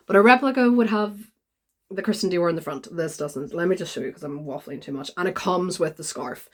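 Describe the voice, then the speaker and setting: A woman, chatting casually in a vlog and retelling a story with lively quoted voices. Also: lowish voice. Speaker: vlogger.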